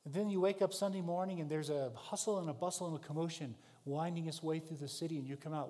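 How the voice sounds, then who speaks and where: A man's voice: on the high side, steady tone, fast talker, few pauses. Man preaching in a reverberant hall. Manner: vivid second-person storytelling, shifting from shouts to hushed tones. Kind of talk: sermon.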